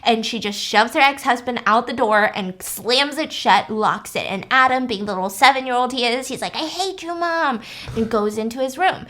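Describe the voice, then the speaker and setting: A woman's voice: a little high, moderate pace, hardly any pauses, fairly bright tone. A young woman casually recapping a plot, chatty and full of fillers.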